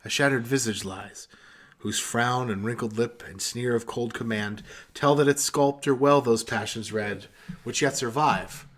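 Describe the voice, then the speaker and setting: Man slowly reciting a poem, solemn. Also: mid-range voice. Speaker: podcast co-host. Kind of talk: casual chat, then dramatic poem recitation.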